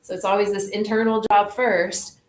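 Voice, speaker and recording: A woman leading a group in a relaxed, reflective way, often saying "like". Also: mid-range voice, moderate pace. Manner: relaxed, reflective, says "like" a lot. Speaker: group facilitator. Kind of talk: casual wellness group talk. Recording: echoey room, faint noise.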